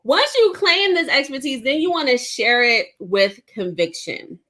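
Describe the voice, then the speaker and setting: Bright-voiced, laughing woman from the Bronx. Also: high voice, sing-song, measured pace, a little hiss or hum. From the Bronx, New York. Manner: laughs often, emphatic, says "right?" a lot. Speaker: guest business coach. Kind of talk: energetic online workshop chat.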